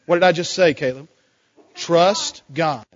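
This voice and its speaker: Speaking at a measured pace in a slightly high voice, a man leads a children's sermon and coaxes the kids with questions. The setting is a church sanctuary, captured in a dull, lo-fi recording with church hall reverb.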